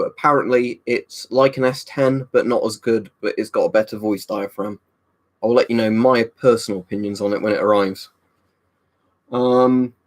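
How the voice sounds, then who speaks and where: Chatty young man on a home live stream. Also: lowish voice. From United Kingdom. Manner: rambling and chatty, with frequent "um" and "you know". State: slightly tipsy from a drink. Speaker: livestream host. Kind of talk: casual live stream chat, reading viewer comments. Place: room at home.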